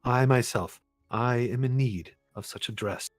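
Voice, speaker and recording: A man's voice: mid-range voice, no room sound, soft background music, lightly acted. A man putting on a serene, pious old abbot. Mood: smooth, bargaining. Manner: calm, pious, measured speech. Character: serene, devout older male abbot.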